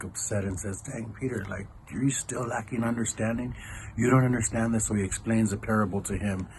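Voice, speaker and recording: Low-voiced guy casually explaining a bible passage, saying "like" and "right?" a lot, noisy background. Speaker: church elder. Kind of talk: casual devotional teaching.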